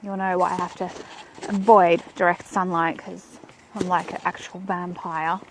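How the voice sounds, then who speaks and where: A woman's voice: on the low side, level tone, moderate pace, a little hiss or hum. Chatty Australian woman on a phone live stream. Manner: chatty and playful, walking while talking. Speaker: vlogger. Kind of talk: casual Facebook live chat. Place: outdoors in shade.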